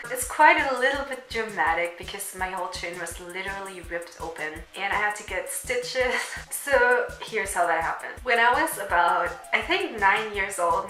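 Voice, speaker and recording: A woman's voice: mid-range voice, sharp tone, echoey room, low-quality recording. A woman in her twenties telling a personal story in a casual vlog, chatty and laughing often between lines. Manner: chatty, laughs often, fillers like "you know". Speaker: vlogger.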